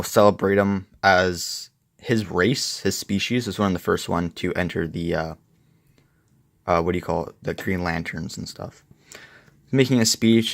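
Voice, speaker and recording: A young man with a low voice and vocal fry reviews a comic book in casual, rambling chat, profane and packed with "like" and "and stuff". The recording has no room sound.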